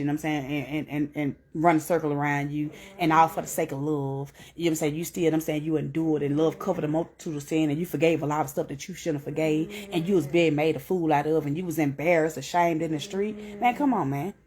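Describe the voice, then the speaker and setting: A woman's voice: steady tone, quick pace, hardly any pauses, darkish tone. Earnest woman giving heartfelt testimony. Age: middle-aged. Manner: earnest, repetitive, rising to high emphatic peaks. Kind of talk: emotional spoken testimony.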